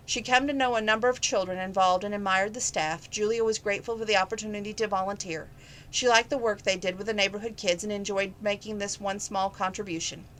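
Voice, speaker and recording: Lady reading a christmas novel aloud, casual, slips here and there, mid pitch, faint hiss. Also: fairly bright tone, low-quality recording. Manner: plain, with small slips and restarts. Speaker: reader. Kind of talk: casual read-aloud narration.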